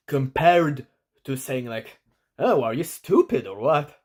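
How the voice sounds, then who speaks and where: A man talking to camera in a slow, halting way, full of restarts, while he works at sounding lower and plainer. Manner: self-conscious, trying to talk in a lower, flatter way. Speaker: vlogger. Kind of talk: self-recorded talk to camera.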